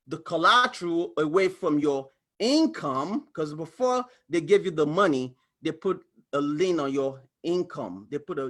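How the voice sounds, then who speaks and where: A financial coach with a high voice explains money in a screen-share talk. He's animated, exclaims, and acts out small dialogues.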